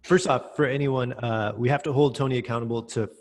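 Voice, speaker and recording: A man's voice: medium pitch, fairly even intonation, a little fast, a little mellow. An American man hosting an interview, rambling with many fillers and restarts. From USA. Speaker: host. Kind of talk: casual interview chat.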